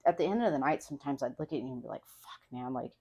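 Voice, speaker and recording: A young woman with a notably low speaking voice talks frankly as a podcast guest. Her speech rambles in loose, casual sentences full of "like" and offhand swearing. The tone stays relaxed and conversational. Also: very fast, vocal fry, husky. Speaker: podcast guest, host's wife.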